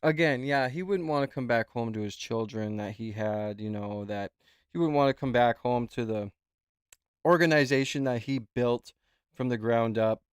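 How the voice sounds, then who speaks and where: A man's voice: mid-range voice, normal speed, clear, resonant tone, no room sound, clean studio sound. Rambling, foul-mouthed male streamer. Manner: rambling, swears freely. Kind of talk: casual reaction chat.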